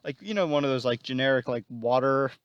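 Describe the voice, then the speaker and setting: A man's voice: medium pitch, fast, clear, resonant tone, no echo, lo-fi sound. A man casually retelling a story plot, rambling and full of fillers.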